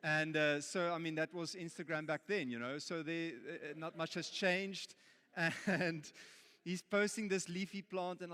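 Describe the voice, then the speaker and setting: A man's voice: fairly high pitch, steady tone, unhurried, bright, forceful tone, clear, resonant tone, big-room sound. A man with a South African accent preaching a sermon, telling a story in a jokey, playful way, then turning earnest. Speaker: pastor. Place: church auditorium.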